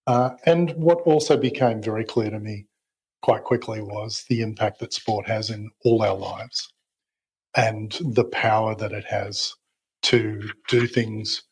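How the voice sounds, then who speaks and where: A man's voice: on the low side, steady tone, a little slow, a little mellow, slightly rough, low-quality recording. A middle-aged man talking as a podcast guest, hesitant and self-deprecating, with lots of fillers and restarts. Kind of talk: casual interview chat.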